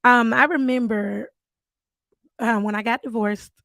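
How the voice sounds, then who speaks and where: A woman's voice: fairly high pitch, fairly even intonation, unhurried, gravelly, no echo. Earnest woman telling her story. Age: adult, mother of three. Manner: earnest, storytelling, with warm asides. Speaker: podcast host. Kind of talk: personal testimony on faith.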